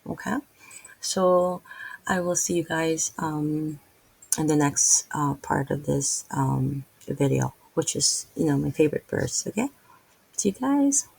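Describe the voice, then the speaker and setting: A middle-aged woman from the Philippines with a Filipino accent, rambling earnestly in an unscripted vlog, with halting restarts and many fillers. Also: sits low, lively intonation, vocal fry, darkish tone, breathy edge, rough recording. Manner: earnest, openly emotional about faith. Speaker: vlogger and massage therapist. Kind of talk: unscripted casual vlog talk.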